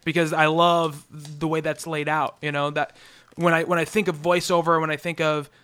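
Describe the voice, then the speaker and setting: A man hosting a comics podcast, talking eagerly in a casual chat and tumbling over his own words as he restarts sentences. His voice sits a little high for a man. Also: little pitch movement, normal speed, bright, forceful tone, clean tone. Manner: eager, restless with many restarts and fillers. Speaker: podcast host.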